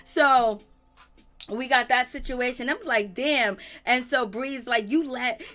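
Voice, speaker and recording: A woman with a slightly high voice gives a casual, gossipy recap of a reality show. She talks in loose slang, exclaims often, and laughs her way through the story. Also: fairly even intonation, measured pace, fairly bright tone, soft background music. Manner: chatty, slangy, laughs often, exclaims "Lord have mercy". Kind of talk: casual live commentary.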